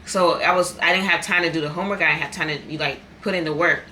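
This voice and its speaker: A young adult woman in a casual eating vlog chats candidly while eating, repeating herself for emphasis. Her lowish voice is bright and forceful, with fairly even intonation and a quick pace, over slight background noise.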